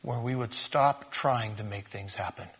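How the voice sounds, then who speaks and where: A pastor preaching an expository sermon, animated, with sudden loud rises to stress words. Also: male voice, fairly low pitch, a little slow, slightly rough. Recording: long reverb of a large hall.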